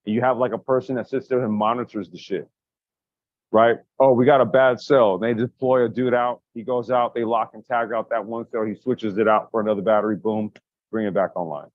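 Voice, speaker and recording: Male co-host, lowish voice, rambling casual talk, dry and slightly muffled sound. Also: fairly even intonation, a little fast, no room sound. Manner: rambling, frequent restarts and profanity. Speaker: podcast co-host. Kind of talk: casual brainstorming chat.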